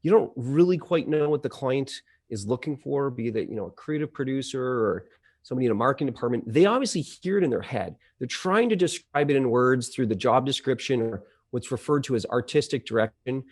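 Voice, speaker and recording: A man with a medium-pitched, lively, brisk voice is a guest on a conversational interview, speaking as CEO of a voice-over marketplace. He explains at length in a chatty way, full of fillers and restarts, and his voice quality is that of a trained audio engineer.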